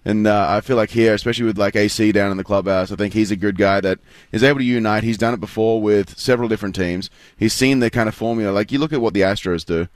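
Fast-talking Australian man, low voice. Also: no echo. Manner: rambling, many restarts and fillers. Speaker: guest athlete. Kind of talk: casual interview chat.

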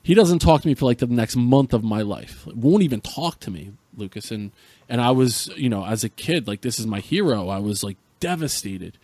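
A man's voice: medium pitch, expressive, moderate pace, a little mellow, no echo. A middle-aged man from Central New Jersey, a podcast guest earnestly retelling a painful personal story with frequent restarts.

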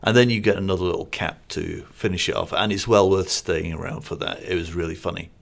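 A man's voice: deep voice, fairly even intonation, brisk, gravelly. A man co-hosting a film review podcast, chatting casually and rambling a little with restarts and asides. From Singapore-based. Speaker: film critic podcast co-host.

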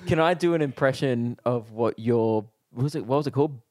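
A young Australian man co-hosting a comedy podcast, teasing and quick to joke. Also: medium pitch, darkish tone, slight background noise. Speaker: podcast co-host. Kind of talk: casual comedy podcast chat.

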